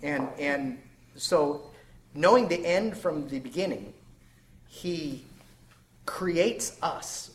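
A man in a Bible study group speaking reflectively and hesitantly, with many pauses and fillers. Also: a little high, animated, poor audio. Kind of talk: group discussion.

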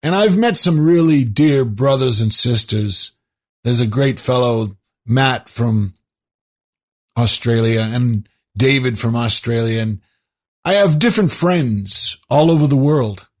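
A man with a husky, slightly breathy voice hosts his own show. He talks to his listeners in a loose, rambling monologue full of asides and restarts. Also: mid-range voice, animated, unhurried. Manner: rambling, conversational, many asides. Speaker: show host.

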